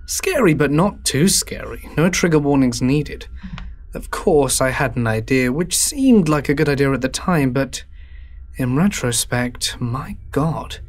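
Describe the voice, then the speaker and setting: A man narrating a horror story in a low, hushed, drawn-out delivery. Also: animated.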